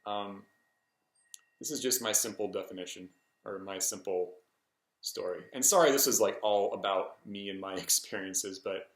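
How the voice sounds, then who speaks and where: A man's voice: on the low side, normal speed. A man vlogging a personal story in a casual, hesitant way, full of ums and restarts. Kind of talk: rambling personal story to camera. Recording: echoey room.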